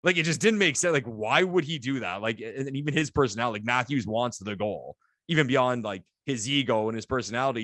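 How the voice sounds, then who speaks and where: A man co-hosting a sports podcast, talking in an excitable, animated way. His voice is mid-pitched and recorded close and dry, with no room sound. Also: fast talker, dry recording. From Canada. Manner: excitable, animated storytelling with laughs. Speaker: podcast co-host. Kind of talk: casual sports podcast chat.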